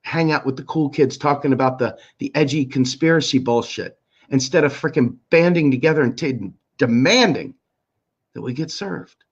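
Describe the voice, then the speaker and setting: A middle-aged man giving an impassioned, profane rant full of pleading questions, swinging between a raised voice and a low one. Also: normal speed, slightly rough. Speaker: political activist commentator. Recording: muffled lo-fi recording.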